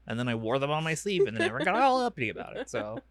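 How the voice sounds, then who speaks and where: A man chatting on a podcast with a sardonic, self-deprecating bite and a habit of cursing. His pitch moves a lot as he talks. The sound is close and dry, with no room in it. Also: big pitch swings, very fast, a bit bright, no echo. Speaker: podcast co-host. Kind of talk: casual chat.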